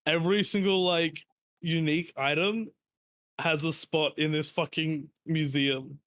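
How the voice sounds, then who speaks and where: A man's voice: a little high, steady tone, unhurried, a bit bright, no echo, clean studio sound. A man chatting casually on a podcast, rambling and swearing as he explains things. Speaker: podcast host. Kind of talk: casual chat.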